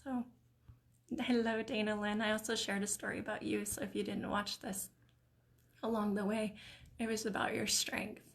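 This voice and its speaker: A middle-aged woman hosting a live video stream, reading viewers' comments aloud in a warm, encouraging, emotional way. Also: medium pitch, level tone, normal speed, vocal fry, long pauses. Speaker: host of a live mindset stream.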